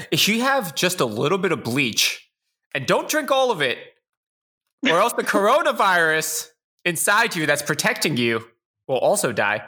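Bright, lively joking man. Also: high-pitched, measured pace, husky. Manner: jokey, laughs often, reads facts aloud. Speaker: podcast co-host. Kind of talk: casual chat.

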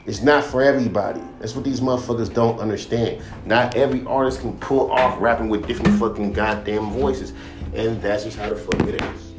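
Young dude rapper venting on his podcast, swears nonstop, mid pitch, echoey room. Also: steady tone, brisk. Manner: blunt, swears constantly, mocks critics in higher voice. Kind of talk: profane casual rant. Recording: echoey room with faint music.

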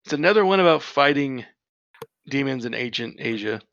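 A podcast co-host reads show summaries aloud and talks enthusiastically on a casual show, swearing freely. His mid-range voice is animated, brisk, and a bit bright, captured on a dull, dry lo-fi mic.

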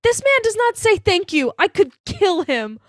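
A woman co-hosting a casual podcast, recapping a film in lively chat and acting out lines with laughs and swearing. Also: extremely high pitch, moderate pace, dry recording, studio quality. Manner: animated, swears, acts out quotes with laughs. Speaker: podcast co-host.

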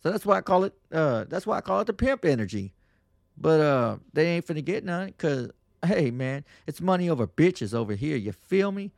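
A man's voice: fairly high pitch, very animated, moderate pace, vocal fry, dry recording, studio quality. A man hosting a podcast, telling stories in a crude, rambling way with lots of profane slang. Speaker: podcast host. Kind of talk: casual podcast monologue.

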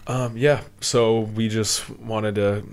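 A man with a raspy voice hosting a casual podcast, rambling and swearing, a little sniffly. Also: lowish voice, flat delivery, takes it slowly. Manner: laid-back, rambling, swears often. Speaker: podcast host. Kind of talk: casual chat.

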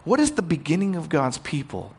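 Pastor, male, animated sermon delivery, slightly high, very expressive pitch, casual paraphrase of scripture. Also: brisk, breathy edge. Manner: animated preaching, rising loud on key points.

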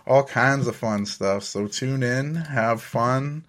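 A man's voice: mid-range voice, slow pace, a bit bright. A man hosting a casual solo podcast, telling stories in a laid-back way, often chuckling and swearing casually. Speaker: podcast host.

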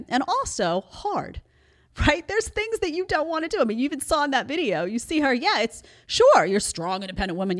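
Emphatic woman show host. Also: on the low side. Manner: emphatic, conversational, talks straight to viewers. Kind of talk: live commentary show.

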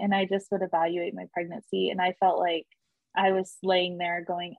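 A woman's voice: lowish voice, moderate pace, no echo, phone-quality sound. Chatty young woman telling a story. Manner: chatty, animated quoting of others, laughs often. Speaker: guest telling her birth story. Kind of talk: casual storytelling in an interview.

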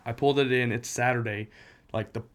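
A man's voice: mid-range voice, steady tone, fairly quick. A young man in casual chat, telling a story with laughs and acted-out quotes.

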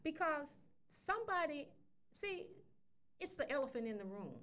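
Middle-aged woman, chatty radio storyteller, animated delivery. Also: high-pitched, moderate pace. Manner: animated storyteller, acts out quotes. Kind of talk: casual storytelling chat.

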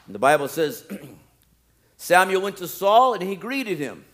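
Man, pastor, sermon, fairly high voice, animated preaching, loud and quiet turns. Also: measured pace. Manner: animated preaching that swings from loud pleading to low asides.

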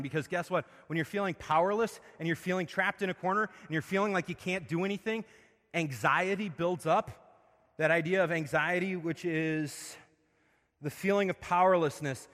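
A man preaching a sermon, asking his listeners questions and swinging between loud emphasis and quiet, low passages. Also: big-room sound. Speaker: pastor.

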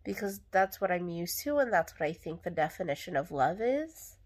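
A woman's voice: lowish voice, big pitch swings, moderate pace. A young adult woman hosting a casual solo podcast, talking candidly in a rambling way with lots of fillers. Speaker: podcast host.

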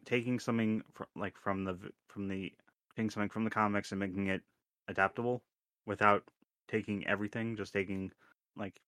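Halting low-voiced man, dry sound. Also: a bit bright, no echo. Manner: halting, many restarts and "like" fillers. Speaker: podcast co-host. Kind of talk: casual podcast chat.

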